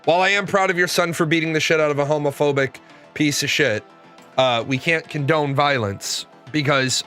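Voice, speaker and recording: A man in his forties, a streamer, telling stories in a profane, animated rant. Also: a little high. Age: 40s. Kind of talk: ranting casual talk.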